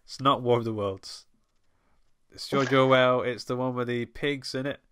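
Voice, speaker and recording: A man's voice: medium pitch, steady tone, moderate pace, fairly bright tone, clean tone, dry recording, studio quality. A man co-hosting a podcast in casual chat, joking, laughing often and running a quiz. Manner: jokey, laughs often, wordplay. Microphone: headphones, home mic.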